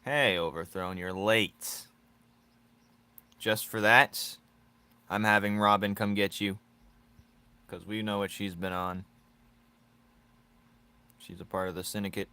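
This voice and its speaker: A male streamer sketching live and bantering with his chat in a loose, teasing way. His voice sits a little low but sounds bright and forward. He talks at an unhurried, drawn-out pace and breaks into laughter often. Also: steady tone, clear, resonant tone. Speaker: streamer drawing live and chatting with viewers.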